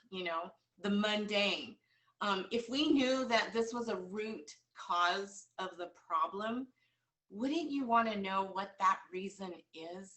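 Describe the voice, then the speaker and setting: A woman's voice: mid-range voice, pushed and bright, distant mic. Earnest female team leader giving a motivational pep talk, set back from the mic. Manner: earnest, repetitive, many fillers. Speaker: team leader coaching sales agents.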